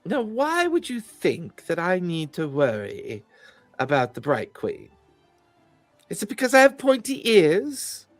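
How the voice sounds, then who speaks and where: A man's voice: high voice, huge pitch swings, slow pace, dry recording, faint music behind, pitched above the performer's own voice, heavily acted. A man voicing a haughty male fae security chief who talks down to everyone and keeps calling people "dear boy". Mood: scornful. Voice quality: pompous, condescending, says "dear boy".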